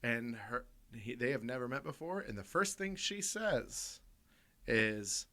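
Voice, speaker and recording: Speaking at a measured pace, a podcast studio co-host on a comedy show uses a bright, forceful, mid-range voice. His rambling stories are casual and self-amused, with laughter cutting into them.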